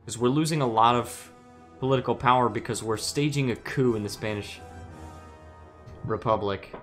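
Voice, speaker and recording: A man's voice: mid-range voice, moderate pace, faint music behind. A man streaming a strategy game, musing aloud with hesitant restarts while reading chat messages.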